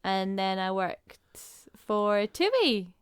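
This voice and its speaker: A woman chats casually on a podcast, briskly listing things off. Her voice is smooth and clear at a middle pitch, recorded dry. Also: big pitch swings, no echo. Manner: chatty, listing things briefly. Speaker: podcast co-host. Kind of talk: casual chat.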